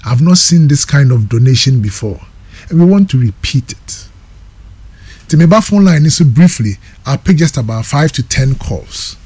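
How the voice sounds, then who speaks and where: A man's voice: medium pitch, animated, moderate pace, warm tone, slightly rough, no room sound. A Ghanaian man hosting a radio call-in show, making an appeal for donations. He switches between Twi and English and repeats lists of items and phone numbers. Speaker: radio host.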